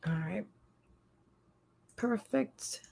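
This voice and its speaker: A woman's voice: medium pitch, expressive, gravelly, a little mellow, slightly rough. A woman hosting a live psychic reading stream, chatting casually and effusively, repeating her thanks and greetings, with frequent restarts and fillers. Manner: halting restarts and many fillers.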